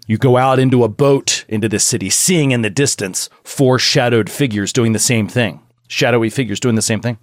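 A man's voice: mid-range voice, moderate pace, few pauses, no room sound, studio quality. A man narrating a tabletop horror game as game master, describing scenes in a loose, casual way. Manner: descriptive, loose, with fillers and chuckles.

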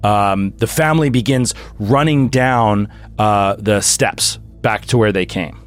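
A man's voice: on the low side, unhurried, faint music behind. A man running a horror tabletop game as game master over a video call, telling the scene vividly with fillers and restarts. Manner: vivid storytelling with fillers and restarts, bursts into loud sound effects.

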